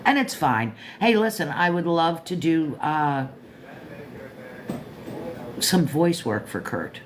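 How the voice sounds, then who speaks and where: An older woman from Florida with a low, deep voice, hosting her own show and chatting casually about a book, self-joking and talking straight to listeners. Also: expressive, slow, slight background noise. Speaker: show host reviewing a book. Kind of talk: casual rambling monologue.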